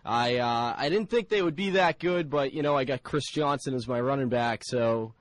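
A man's voice: medium pitch, moderate pace, no echo. A man with a Boston accent, a guest in a radio studio, chatting casually and often repeating words as he starts sentences. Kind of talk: casual chat.

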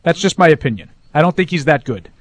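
A man's voice: fairly high pitch, lively intonation, quick pace, slight background noise. A man giving blunt football opinions on a postgame radio show in a studio. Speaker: football analyst.

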